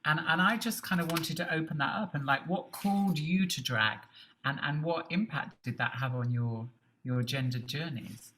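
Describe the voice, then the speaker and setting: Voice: mid-range voice, normal speed, a bit bright, slight background noise. A panel host opening a festival, introducing guests in an effusive, playful way. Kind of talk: live on-stage panel conversation.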